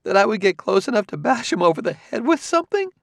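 A man's voice: high-pitched, sing-song, quick pace, creaky, fairly bright tone, dry recording, clean studio sound, voice pushed up, heavily acted. A man reading an audiobook, voicing a plump, scornful woman who taunts and mocks in a raised voice.

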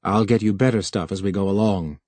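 A man's voice: lowish voice, brisk, darkish tone, no echo, pitched below the performer's own voice, natural voice. A man reading the part of a touchy, defensive young male technician, with clipped, stern delivery. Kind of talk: audiobook character voice.

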